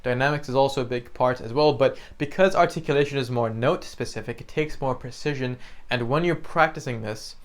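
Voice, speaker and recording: Young male piano teacher, casual explainer, smooth clear voice, conversational check-ins. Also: medium pitch, brisk, hardly any pauses. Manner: chatty, explains with many "right?" and "you know", sings examples. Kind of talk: casual spoken lesson.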